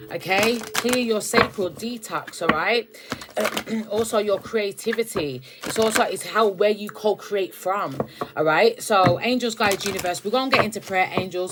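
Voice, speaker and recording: A woman with a British accent giving a casual spiritual tarot reading, talking straight to her viewers and often checking in with "all right?". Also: medium pitch. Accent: British English. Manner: chatty, keeps asking "all right?" and "okay?". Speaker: tarot reader.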